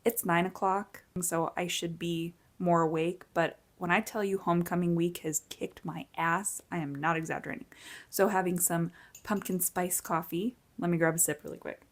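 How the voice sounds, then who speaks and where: A woman's voice: on the low side, steady tone, normal speed. A woman in her forties chatting casually and upbeat while she counts cash into budget envelopes, tired from little sleep. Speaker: budgeting vlogger.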